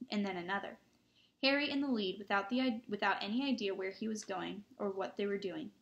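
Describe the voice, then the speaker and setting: A woman reading a children's novel aloud in an expressive, dramatic way. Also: mid-range voice. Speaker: audiobook reader. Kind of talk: storybook read-aloud narration.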